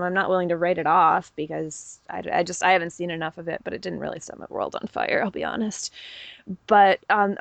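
Gravelly-voiced woman chatting enthusiastically. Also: mid-range voice, dry recording. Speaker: podcast co-host. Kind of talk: casual wrestling recap chat.

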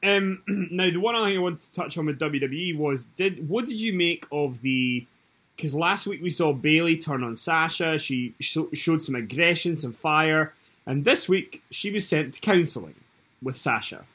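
A man co-hosting a podcast in casual chat, talking in a chatty, halting way with frequent restarts. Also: a little high, a bit bright, slightly rough. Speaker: podcast co-host.

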